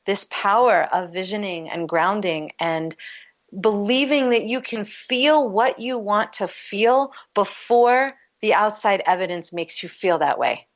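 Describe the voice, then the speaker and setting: A woman's voice: medium pitch, a little slow. A woman coach as a guest on a talk show, explaining with easy metaphors and laughing often. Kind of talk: casual interview talk. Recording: lo-fi muffled line.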